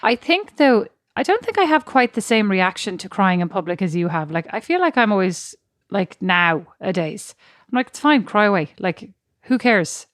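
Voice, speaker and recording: A woman co-hosting a podcast, a parent who chats casually and acts out quotes in animated stories. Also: medium pitch, moderate pace, hardly any pauses, no room sound, clean studio sound. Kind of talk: casual chat.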